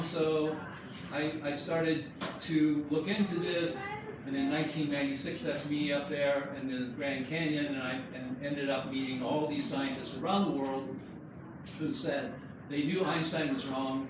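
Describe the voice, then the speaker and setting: A man giving an informal slideshow talk about his book to friends and family, telling the story in a chatty, joking way. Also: medium pitch. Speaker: book co-author presenting his book. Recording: echoey room, distant mic, background noise.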